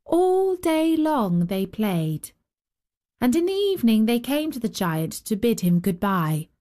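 A woman hosting a storytelling show, reading a children's story in a slow, expressive narration. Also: fairly high pitch. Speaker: storyteller host. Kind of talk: scripted narration.

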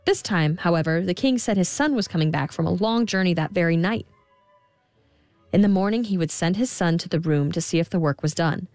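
Woman storyteller, fairy tale narration, expressive, lowish voice, faint music behind. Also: fairly quick, dry recording. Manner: expressive, acts out the girl in a higher voice.

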